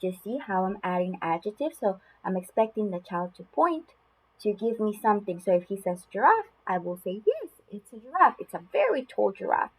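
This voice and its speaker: A woman showing how to read a picture book aloud to a toddler, in an expressive sing-song way with gasps, then giving tips to parents. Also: on the low side, poor audio.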